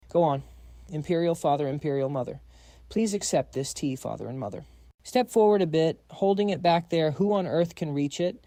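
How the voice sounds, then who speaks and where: Man reading a story with all roles, slightly high voice, mellow tone, dry close sound. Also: normal speed, dry recording. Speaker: story narrator.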